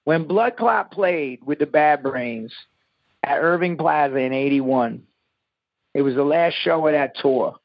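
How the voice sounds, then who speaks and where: Man in his fifties, gravelly voice, profane emphatic talk, dry dull phone sound. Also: fairly high pitch, a little slow, no echo. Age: 50s. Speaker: musician guest. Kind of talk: phone interview.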